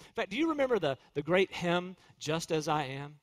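A man's voice: high-pitched, expressive, fast, hardly any pauses, a bit bright, big-room sound. A man preaching a sermon in an earnest way, quoting scripture and hymn lyrics and acting out inner voices. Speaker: pastor.

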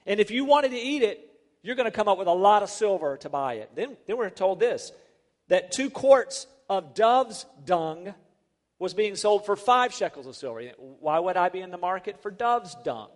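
High-voiced man preaching in an echoing hall. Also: very animated, moderate pace. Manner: emphatic preaching with rhetorical questions. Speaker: pastor. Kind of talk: sermon. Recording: long reverb of a large hall.

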